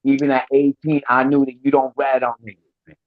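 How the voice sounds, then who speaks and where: A man's voice: medium pitch, little pitch movement, brisk, dry recording. A man joining a casual talk show, talking emphatically and repeating himself. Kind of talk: casual chat. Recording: dry, dull lo-fi audio.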